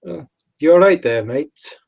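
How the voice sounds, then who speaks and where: Man playing a rude young thug, brash, cocky, raised pitch. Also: lively intonation, a little slow, creaky, a little mellow, slightly rough, heavily acted.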